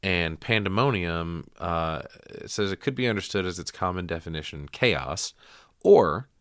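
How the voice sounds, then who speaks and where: A man's voice: low voice, animated, unhurried, a bit bright, smooth, dry recording, studio quality. A man hosting a podcast, giving a loose, profane scene-by-scene film recap full of fillers. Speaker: podcast host. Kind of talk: casual podcast film breakdown.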